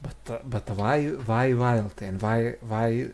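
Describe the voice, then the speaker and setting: A man commentating a live strategy game with his co-hosts, pausing often with hesitant fillers as he works through the numbers. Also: mid-range voice, a little mellow. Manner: hesitant, frequent filler pauses.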